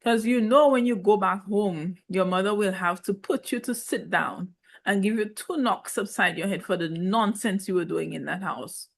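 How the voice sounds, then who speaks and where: A woman speaking in gives an opinionated recap of a dating show in a loose, chatty way. She teases the cast and drops playful asides, and her voice sits at an ordinary middle pitch for a woman. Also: normal speed, vocal fry. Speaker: reality show recap host. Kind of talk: casual reality TV recap commentary.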